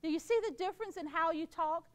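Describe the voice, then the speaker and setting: Very high-voiced woman giving an upbeat keynote. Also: quick pace. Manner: encouraging, playful, acts out quoted voices. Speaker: keynote speaker. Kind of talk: motivational keynote speech.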